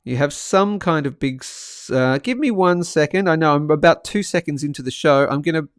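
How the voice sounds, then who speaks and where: A man hosting a live market stream in a casual, upbeat way, reading out viewers' chat messages with quick asides. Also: on the high side, clear, resonant tone, no room sound, clean studio sound.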